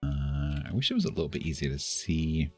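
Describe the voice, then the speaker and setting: A man's voice: extremely low pitch, big pitch swings, brisk, faint music behind. A man streaming a game live, chatting casually and chuckling as he thinks aloud. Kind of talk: casual live gameplay commentary.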